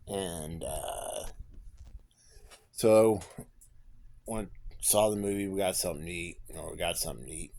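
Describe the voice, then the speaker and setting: A young man casually telling a personal story to viewers, rambling with many fillers and restarts. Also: sits low. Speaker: vlogger.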